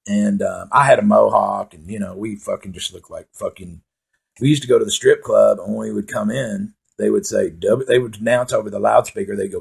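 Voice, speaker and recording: A man's voice: on the low side, steady tone, a little fast, creaky, husky. A man telling profane, rambling comic stories in a casual monologue. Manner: profane, rambling, laid-back storytelling with laughs.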